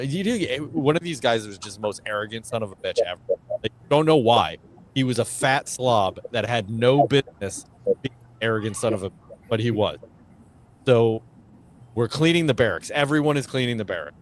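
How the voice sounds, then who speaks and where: A man with an ordinary, mid-range voice tells a rowdy story in a casual online chat. He swears freely and gets animated at the punchlines. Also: medium pitch, a little fast. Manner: animated anecdotes, coarse language, laughs at own stories. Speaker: veteran guest.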